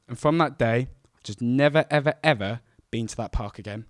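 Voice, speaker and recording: A young man telling a true story on stage, animated and self-mocking as he acts out the scenes. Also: mid-range voice, brisk, dry recording, studio quality. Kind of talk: live storytelling to an audience. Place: stage at a live event.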